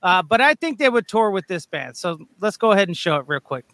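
A man's voice: sits high, big pitch swings, a little fast, pushed and bright, no room sound. A man hosting a podcast, chatting casually and rambling with restarts and frequent laughter. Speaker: podcast host.

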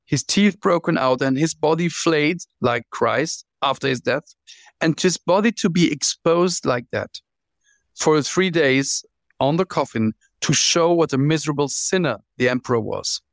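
A man guest author telling stories in an interview, animated, often restarting and repeating words. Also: on the high side, a little slow, no echo. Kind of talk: interview storytelling.

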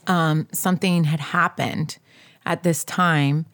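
A woman's voice: low voice, fairly even intonation, slow pace, fairly bright tone, no echo. A woman in her forties, co-hosting a podcast, telling a personal story in a chatty, emotional way full of fillers. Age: 40s. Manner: emotional, chatty, many likes. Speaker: podcast co-host.

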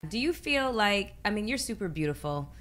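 A woman's voice: medium pitch, sing-song, fairly quick, over music. A woman co-host asking thoughtful, hesitant questions in a casual interview.

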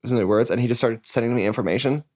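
Man, musician guest, rapid rambling storytelling, lots of fillers, mid-pitched. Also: a little mellow, no echo, clean studio sound. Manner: rambling, filler-heavy, acts out quoted dialogue. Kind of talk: casual storytelling interview.

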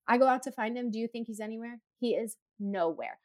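A woman's voice: fairly high pitch, quick pace, few pauses. A woman in her thirties, chatting casually and telling stories with animation, acting out her own screams and quotes. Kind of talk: casual chat.

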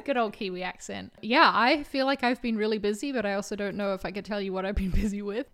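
A woman co-hosts a podcast in relaxed, conversational talk. She talks easily and loosely, with plenty of casual fillers. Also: medium pitch, quick pace. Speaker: podcast co-host. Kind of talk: casual chat.

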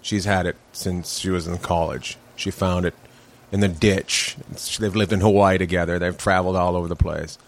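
A man's voice: deep voice, steady tone, normal speed. A man from Canada, a comedian guest on a podcast, telling stories in a laid-back, dry way. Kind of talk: casual chat.

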